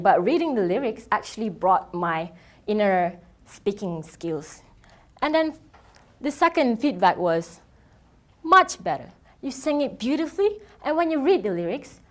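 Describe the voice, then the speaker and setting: A young woman, a non-native English speaker, giving an earnest prepared presentation as a student keynote speaker at a festival. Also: mid-range voice. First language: not English. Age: young adult. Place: event stage.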